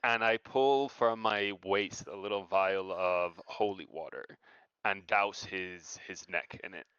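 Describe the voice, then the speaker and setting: A man's voice: low-pitched, fairly even intonation, slow pace, bright, forceful tone, clear, resonant tone, dry recording, lo-fi sound. A man playing a tabletop game, asking tentative, hedging questions. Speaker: player.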